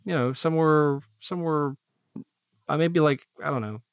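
A man's voice: on the high side, moderate pace, smooth, dry recording. A man co-hosting a podcast in casual chat, rambling and searching for his words. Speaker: podcast co-host. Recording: dull, dry lo-fi podcast audio.

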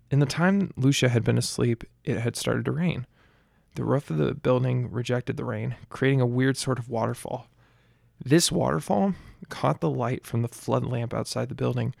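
A man reads a story aloud in a steady, plain way. His voice is heavily gravelly with lots of fry, and the recording is dry and close. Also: mid-range voice, no room sound. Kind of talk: audiobook narration.

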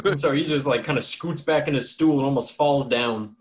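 A man's voice: mid-range voice, a little fast. A man narrating a tabletop game as game master in a casual, rambling way, often laughing.

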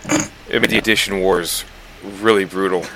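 Male co-host, very low but forceful voice, faint hum behind. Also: fairly even intonation, moderate pace, low-quality recording. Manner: dry joking asides. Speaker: podcast co-host. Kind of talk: casual chat.

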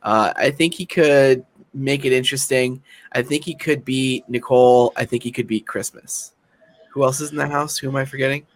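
Casual man with halting restarts. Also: medium pitch, steady tone. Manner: casual, hesitant, with stammered restarts. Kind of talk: casual reality-TV discussion.

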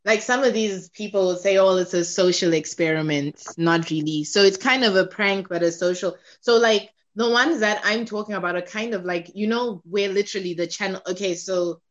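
A woman's voice: medium pitch, normal speed, few pauses. A young woman co-hosting a podcast, skeptical and full of fillers in casual chat. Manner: skeptical, sighing, filler-heavy. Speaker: podcast co-host. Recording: slightly muffled podcast audio.

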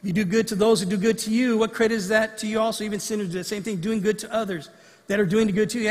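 A man's voice: sits high, fairly even intonation, very fast, darkish tone. A man pastor giving a conversational sermon in a church sanctuary and acting out short quotes as he goes. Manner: conversational preaching that acts out quotes. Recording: long reverb of a large hall.

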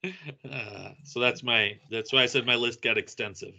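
Bright-voiced man chatting casually. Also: mid-range voice, normal speed, vocal fry, dull audio. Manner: rambling, laughs often, searches for names. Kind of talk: casual podcast chat.

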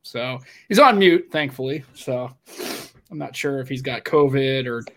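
A man's voice: mid-range voice, unhurried, fairly bright tone. A middle-aged man hosting a podcast from his home office over a video call, chatting casually in a rambling, teasing way. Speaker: podcast host. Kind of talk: casual chat. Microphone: webcam video call.

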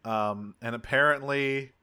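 A man's voice: mid-range voice, fairly even intonation, measured pace, bright, forceful tone, smooth. A man co-hosting a podcast, casually recapping a cartoon episode in a rambling, self-correcting way with offhand swearing. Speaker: podcast co-host.

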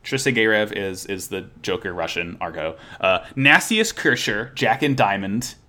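Excited, lively man recapping an episode. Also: fairly low pitch. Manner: excited, swears a lot, quick restarts. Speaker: podcast host. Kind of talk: casual chat and episode recap.

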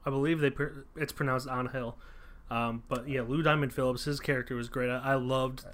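A man's voice: medium pitch, fairly even intonation, a little fast, a bit bright. A man co-hosting a casual film review chat, thoughtful and loose, with plenty of fillers and restarts. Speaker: podcast co-host reviewing a film.

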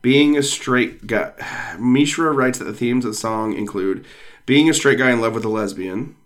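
A man's voice: mid-range voice, moderate pace. A man co-hosting a podcast, talking casually with many fillers and reading passages aloud. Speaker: podcast co-host. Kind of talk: casual chat.

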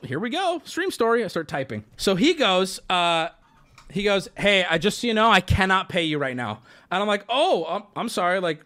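A man tells a rambling story in a casual, profane way, voicing the other person as well as himself. His voice sits on the high side, and his pitch leaps up and down with animated energy. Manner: animated, profane, acts out both sides of the exchange. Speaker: streamer telling a story.

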